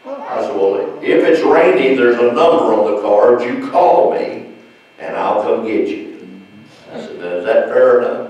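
A man preaching at a Bible study, telling stories slowly and acting out what people said. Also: medium pitch, lively intonation, dull audio. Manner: slow storytelling with acted-out quotes. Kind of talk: church Bible study teaching. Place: church sanctuary. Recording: echoey church from far off.

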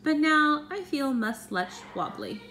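A woman voicing a grumpy young girl animal in a storybook read-aloud, talking in a stroppy, shouty way. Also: high voice, sing-song, slow, voice pushed up, exaggerated voice.

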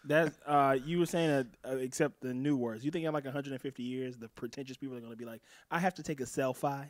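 A man's voice: medium pitch, steady tone, quick pace, no echo. Laid-back man from the South. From American South. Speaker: podcast co-host. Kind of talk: casual chat.

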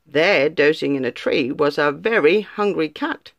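Woman storyteller, children's story, lively rise and fall, unhurried, dry close sound. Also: low voice, no echo, highs cut off. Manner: expressive, lively.

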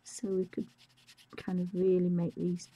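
A woman hosting a live drawing tutorial, talking softly and often half-whispering as she works, her voice a little squeaky and rough. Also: completely flat delivery, measured pace. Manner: soft-spoken, often half-whispered while working. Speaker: art tutorial host.

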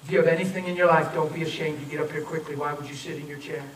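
A man preaching a sermon, telling a story and acting out the voices in it, then softly pleading with people to come forward. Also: a little high, fairly even intonation, very fast. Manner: storytelling, acts out quoted voices, urgent then soft pleading. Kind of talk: sermon with altar call. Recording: echoey, from far off, faint noise.

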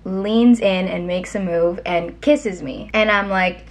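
A woman's voice: medium pitch, measured pace, hardly any pauses. A young woman vlogger telling a long story in a chatty, rambling way, full of fillers. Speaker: lifestyle vlogger. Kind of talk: casual storytelling to camera.

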